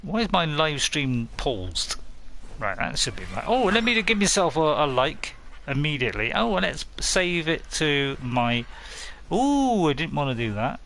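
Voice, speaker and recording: A man streaming a game, talking in a loose, rambling and playful way. His pitch sits a touch high and bounces around a lot. The tone is bright, and there is a faint hiss behind him. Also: big pitch swings, moderate pace. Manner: playful, rambling, laughs often. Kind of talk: casual live-stream chat.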